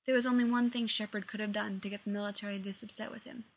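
A woman reading fiction aloud in a lively, expressive narrating voice. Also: mid-range voice, quick pace, slight background noise. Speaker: story reader.

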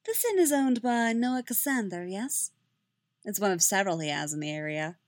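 A haughty sorceress with a blizzard-cold, drawling voice, as a woman reader puts her on. Her words cut, the pitch rising and swooping with disdain, all recorded close and dry. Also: lively intonation, normal speed, no echo, close to an everyday voice. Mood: cutting threat. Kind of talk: fan fiction reading.

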